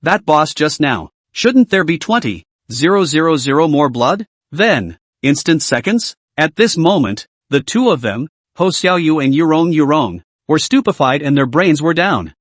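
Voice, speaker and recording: A man narrating a translated comic story recap with a steady, read-aloud delivery. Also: a little high, a little slow, dry recording.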